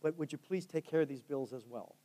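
A man's voice: a little high, fairly quick, pitched below the performer's own voice, natural voice. A man putting on the voice of a poor woman praying humbly for help. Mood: pleading. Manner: soft, pleading.

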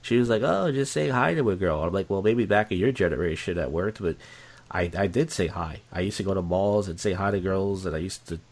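A man's voice: low voice, brisk, darkish tone. A man talking candidly in casual conversation, rambling and repeating himself, blunt and profane.

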